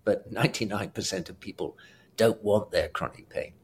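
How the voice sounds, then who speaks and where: An older man from South Africa with a British accent, a retired doctor, talks as a guest in a casual interview chat, in a lowish voice at a moderate pace with slight background noise. He rambles, chuckles and corrects himself as he goes.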